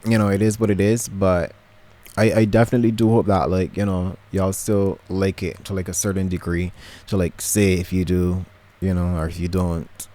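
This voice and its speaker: A young Barbadian vlogger talks to camera from his bedroom in a deep, dark voice with little pitch movement, at normal speed. His casual chat rambles, full of ums and restarts, in a Barbadian accent.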